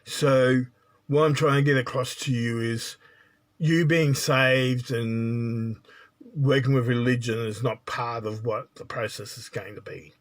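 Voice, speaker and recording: A man's voice: mid-range voice, fairly even intonation, measured pace. A man giving a spiritual monologue as a teacher, blunt and lecturing, often checking in with "right?".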